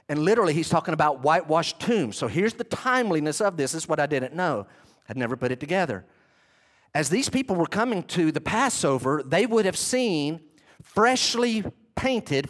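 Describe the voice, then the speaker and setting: A man preaching a sermon as a pastor, in a conversational way with emphatic bursts and asides. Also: on the high side.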